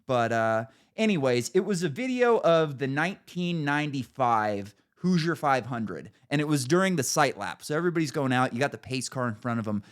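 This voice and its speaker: A man's voice: mid-range voice, lively intonation, fairly quick, hardly any pauses, clean tone. A man hosting a podcast, ranting in casual chat with an emphatic, profane manner. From United States. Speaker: podcast host.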